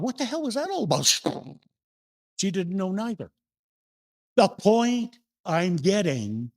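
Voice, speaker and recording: An older man preaches to his congregation in a relaxed, folksy way, telling stories from his own life. His voice sits a little high and swings widely up and down as he asks the room questions. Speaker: minister. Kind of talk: sermon. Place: church sanctuary.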